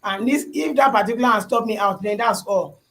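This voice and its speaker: Lively young Nigerian man on a livestream. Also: high-pitched, a little fast, low-quality recording. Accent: Nigerian English with Pidgin. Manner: repetitive, asks "you understand?". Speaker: livestream host. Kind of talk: casual livestream chat with viewers.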